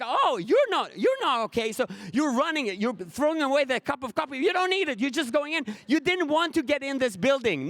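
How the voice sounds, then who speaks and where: Animated Israeli man doing stand-up. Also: extremely high pitch, no room sound. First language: Hebrew. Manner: animated, acts out scenes, exasperated outbursts. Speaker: comedian speaking at a conference. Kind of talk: stand-up comedy speech.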